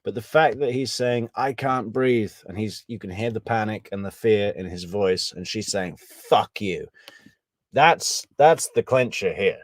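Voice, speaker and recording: A man with a low voice talks through a case in casual commentary. He is measured, thinks out loud and drops wry asides. The sound is dry and close. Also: no room sound. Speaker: true crime commentator.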